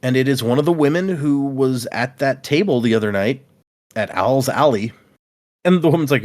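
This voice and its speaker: A man hosting a casual podcast, retelling a book's scenes with quick asides and casual swearing. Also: mid-range voice, a little mellow. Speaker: podcast host recapping a book. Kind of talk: casual chat.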